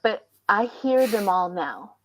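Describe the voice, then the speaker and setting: An older American woman hosting a casual live stream, telling lively stories and acting out the voices she heard. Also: mid-range voice, slow pace, slight background noise, low-quality recording. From United States. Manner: animated storyteller, acts out voices. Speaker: tarot reader host.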